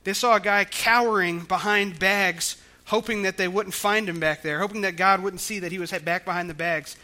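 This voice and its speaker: Bright high-voiced preacher. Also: male voice, fairly even intonation, normal speed. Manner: conversational, explaining scripture with frequent restarts. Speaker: pastor. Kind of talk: sermon.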